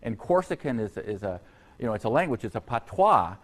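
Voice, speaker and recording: A man giving an unscripted university history lecture, halting often on fillers and restarts, with conversational asides to his students. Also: medium pitch, big pitch swings. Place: lecture hall.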